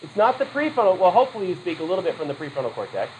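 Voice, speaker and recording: A man's voice: high voice, very animated, rapid-fire, a little hiss or hum, rough recording. A man teaching a psychology class in a loose, conversational lecture, quizzing students with questions and adding casual asides. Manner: loose, self-correcting delivery with asides.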